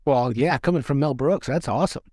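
A man's voice: medium pitch, a little fast, warm tone, no room sound, clean studio sound. A man co-hosting an interview, asking eager follow-up questions. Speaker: podcast co-host. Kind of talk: casual interview.

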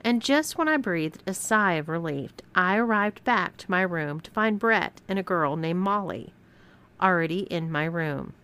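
A woman reading a scripted first-person story aloud as narrator, with expressive storytelling. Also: on the low side, unhurried, clear, resonant tone.

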